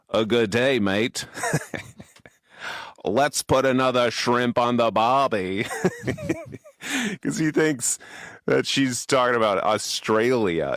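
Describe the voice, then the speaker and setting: A man playing Jesus as a relaxed, chatty guest in a comedy podcast sketch. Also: medium pitch, no echo, studio quality.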